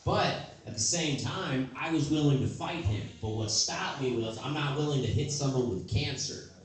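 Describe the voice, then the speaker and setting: A man's voice: mid-range voice, normal speed, soft background music. A man doing a loose, rambling stand-up set at an open mic, with crude, self-mocking jokes. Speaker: stand-up comedian. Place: comedy stage. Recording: echoey room from far off.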